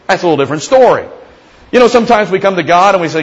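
A man with a somewhat high voice preaches a sermon. He talks to the congregation like a storyteller, leaning into acted quotes of prayers and Bible figures. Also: lively intonation, rapid-fire, muffled recording. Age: young adult or middle-aged father. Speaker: pastor.

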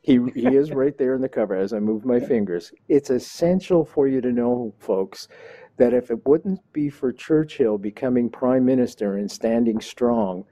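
A man's voice: mid-range voice, moderate pace, mellow. A man hosting an interview show, talking enthusiastically like a showman and addressing his audience directly. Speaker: host.

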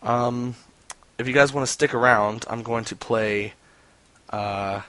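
A man's voice: medium pitch, fairly even intonation, slow, pushed and bright, no room sound. A man chatting casually to his stream viewers, rambling and swearing with lots of fillers. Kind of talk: casual chat.

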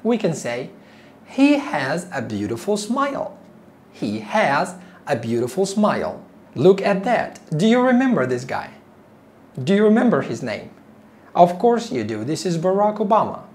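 Woman ESL teacher, low voice, very slow, lively pitch, repeats words for learners. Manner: teacherly, asks learners questions. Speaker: English teacher. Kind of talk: slow, deliberate ESL lesson.

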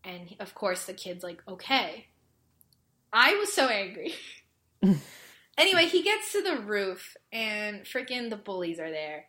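A woman's voice: medium pitch, sing-song, unhurried, pushed and bright. A woman retelling a show's episode in casual chat, exasperated and full of fillers. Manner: exasperated, filler-heavy storytelling. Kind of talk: casual chat recapping a show.

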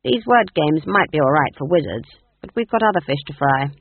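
A man's voice: fairly high pitch, expressive, brisk, breathy edge. A man voicing a shrewd, blunt older witch who gives orders. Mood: commanding. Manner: blunt, commanding. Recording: dry, tinny phone-like sound.

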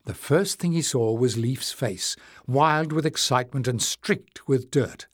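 A man narrates an audiobook in a measured, expressive manner. His pitch sits in a medium range. The recording is dry and close, with no room echo. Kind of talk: scripted narration.

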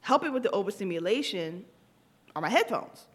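A woman in her thirties, co-hosting a podcast, telling a story in casual chat with lively acted-out quotes. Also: medium pitch, brisk, husky. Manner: animated, tells stories with acted-out quotes. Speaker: podcast co-host.

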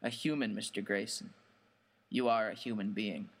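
A man voicing a greasy, menacing male diner cook with a deep, gruff voice and slow, sinister questions. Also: steady tone, natural voice.

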